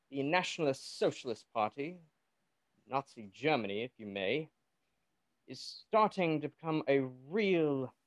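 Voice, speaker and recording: A man's voice: a little high, dry recording. A man playing a formal military captain who briefs his recruits in a stiff, polite way. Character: brisk male military captain, formal and commanding.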